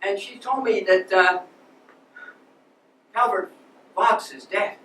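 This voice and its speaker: A man portraying a restless, passionate nineteenth-century landscape architect who recounts his life in an earnest, swelling manner. The voice sits high for a man and rings out in an echoey hall, picked up from a distance. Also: slow pace, sharp tone, a little hiss or hum, exaggerated voice. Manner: emotional, earnest storytelling with sudden outbursts. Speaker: historical reenactor. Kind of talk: first-person living-history monologue. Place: lecture hall.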